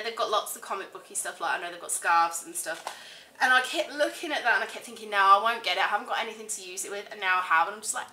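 Woman, casual vlogger, gushing and chatty with lots of fillers, bright voice, echoey room. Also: mid-range voice, slight background noise. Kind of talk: casual chat to camera.

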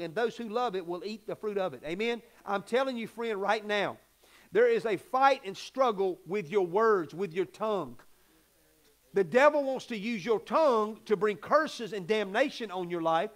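A pastor preaching a folksy, animated sermon that acts out little scenes. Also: male voice, sits high, normal speed.

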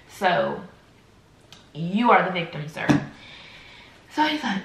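A woman telling a casual storytime to her viewers, animated and slangy, speaking straight to the camera. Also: on the low side, fairly quick, vocal fry, echoey room, poor audio.

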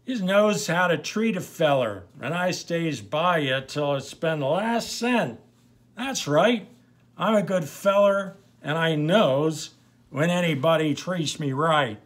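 Casting: man doing a drunk saloon braggart, loud and high, slurred boasts. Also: lively intonation, slow pace. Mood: drunken boasting.

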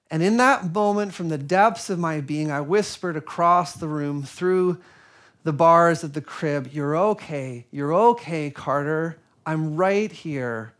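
A man giving a sermon, telling a personal story in an earnest, reflective way with soft pauses. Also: sits high. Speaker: preacher.

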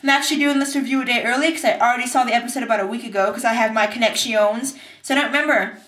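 A bubbly young woman chats through a TV episode recap, acting out scenes in silly voices. Her voice sits high and bright. It rings in an echoey bathroom. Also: racing, recorded from a distance. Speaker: TV recap vlogger. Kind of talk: casual TV recap vlog. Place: bathtub.

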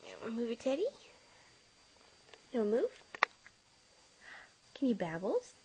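A woman's voice: on the high side, wildly swooping pitch, measured pace, warm tone, a little hiss or hum. A young mother at home, cooing teasing sing-song baby talk to her infant while filming on a handheld camera. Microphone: handheld camera mic.

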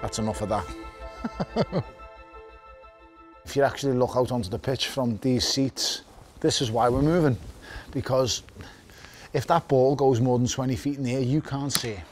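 A man's voice: medium pitch, fairly even intonation, moderate pace, long pauses. Passionate Scouse man, music behind. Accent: Liverpool (Scouse). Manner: passionate, blunt, jokey. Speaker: football fan on a stadium tour. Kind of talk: casual documentary chat.

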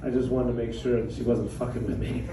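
A man's voice: mid-range voice, little pitch movement, quick pace, reverberant, recorded from a distance, very noisy. A man emceeing at a comedy club, bantering loosely with the audience between acts. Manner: loose, joking banter with the crowd. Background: loud crowd.

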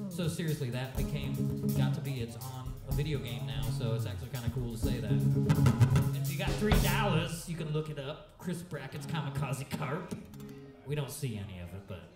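A man's voice: medium pitch, expressive, normal speed, far from the mic. A man from Central Illinois, a rock band frontman, bantering loosely between songs and swearing casually. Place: live music venue. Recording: roomy live stage with loud music.

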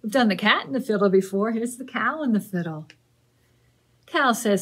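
A woman librarian leading a children's story time, singing rhymes, reading a picture book aloud and making animal sounds in a slow, encouraging sing-song. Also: on the high side, expressive, breathy edge.

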